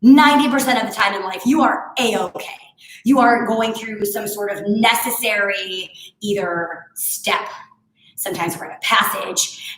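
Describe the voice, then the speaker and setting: A woman's voice: medium pitch, a bit bright, roomy sound, rough recording. A woman in her thirties teaching a home barre workout, chatting through stories between exercise cues. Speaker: barre instructor. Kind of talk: live home workout class cueing.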